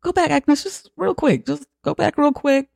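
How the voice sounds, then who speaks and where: Host doing a high, wheedling pushy man. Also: gravelly, darkish tone. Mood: coaxing. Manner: wheedling, repeats "just real quick". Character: pushy pleading grown man, nagging.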